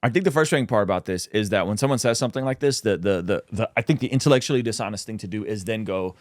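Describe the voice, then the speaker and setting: Male podcast host, casual commentary, excitable with sudden high reactions, dry close sound. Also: racing, no echo. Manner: animated, excitable, voice jumps high when reacting.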